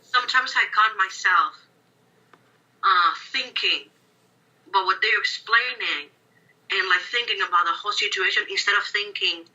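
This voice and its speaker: Bright-voiced woman. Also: medium pitch, moderate pace, pauses often, husky. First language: Spanish. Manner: candid, reflective, quotes herself aloud. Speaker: interpreter. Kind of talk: interview answers. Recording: distant, dull lo-fi recording.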